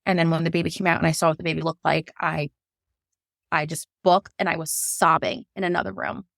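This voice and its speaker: A woman shares a hard personal story with raw candor, rambling and restarting as feelings surface. Her voice carries a gravelly fry. The sound is close and dry, with no room around it. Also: low voice, brisk, no room sound. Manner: emotional, frank, rambling with restarts; slips into animated voices when quoting herself. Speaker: podcast guest, labor and delivery nurse.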